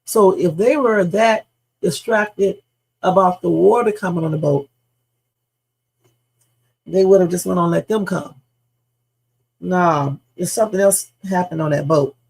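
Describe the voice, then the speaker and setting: A woman's voice: on the low side, vocal fry, a little mellow, slightly rough, rough recording. A woman hosting a live reaction stream, speculating emphatically with casual slang and repeating her points. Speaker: livestream host.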